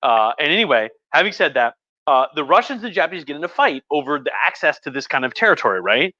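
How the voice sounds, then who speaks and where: A man's voice: a little high, big pitch swings, fast talker, bright, forceful tone, no room sound, highs cut off. A man giving a tipsy, rambling history talk on a live stream. He swears a lot and slips into mocking voices. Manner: profane, rambling, with acted mock voices. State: drinking wine. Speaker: history lecturer. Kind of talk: tipsy casual history rant.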